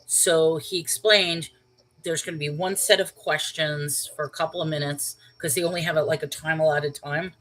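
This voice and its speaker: A woman hosting her own channel, telling a personal story in a chatty, animated way and laughing at herself. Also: deep voice, normal speed, slight background noise, poor audio. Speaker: channel host. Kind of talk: storytelling vlog.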